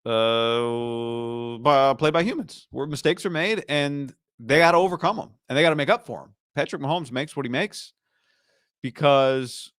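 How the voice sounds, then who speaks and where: A male sports talk host riffs through a casual commentary monologue, hammering points home with repeated phrases. His voice sits at an ordinary middle pitch. The sound is dry and close, with no room around it. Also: moderate pace, a bit bright, smooth, no room sound. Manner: emphatic, repeats lines for punch.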